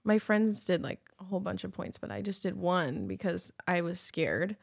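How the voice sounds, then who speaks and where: A young woman co-host on a casual chat podcast. She talks in a laid-back way and tosses in quick remarks. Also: lowish voice, animated, creaky, husky, no echo, clean studio sound.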